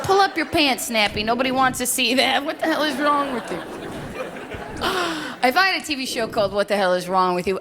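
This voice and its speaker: A woman comedian performing a stand-up set, telling brash, animated stories with shouted punchlines. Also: on the high side. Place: comedy club stage before a live audience. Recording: stage set with audience laughter and noise.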